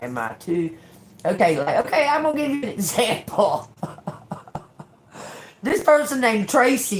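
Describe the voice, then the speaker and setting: Speaking at a medium pitch, a woman who reads tarot vents on her livestream in a laid-back way, full of energy, frequent laughter, liberal cursing, and acted-out dialogue.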